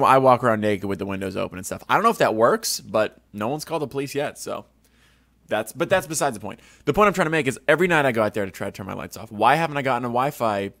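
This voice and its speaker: A man's voice: mid-range voice, gravelly, a bit bright, no echo. Rambling, crude young male podcast host. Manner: rambling, self-mocking, crude jokes. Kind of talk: casual rambling monologue. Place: home studio, indoors.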